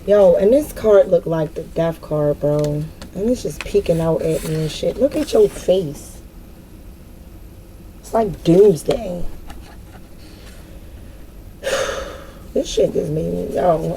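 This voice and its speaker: A woman's voice: lowish voice, measured pace, creaky, long pauses, mellow, slight background noise, rough recording. A woman giving a casual spiritual card reading, talking frankly and cursing freely.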